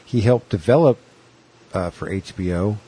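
Husky man chatting on a podcast. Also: on the low side, normal speed, warm tone. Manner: rambling, jokey, drifts into sing-song bits. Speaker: podcast co-host. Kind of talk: casual chat.

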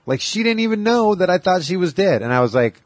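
A man's voice: high-pitched, sing-song, brisk, no echo. A man in his forties in casual podcast chat, telling a long personal story and quoting others. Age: 40s. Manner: rambling storytelling, quoting others in raised voices. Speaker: podcast host.

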